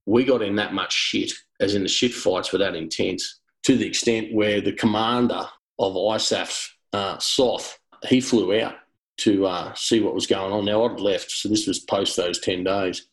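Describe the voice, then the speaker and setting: Laid-back Australian man, low voice. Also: fairly even intonation, measured pace, low-quality recording. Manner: laid-back, swears freely, many fillers. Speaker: guest, former soldier. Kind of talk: casual storytelling.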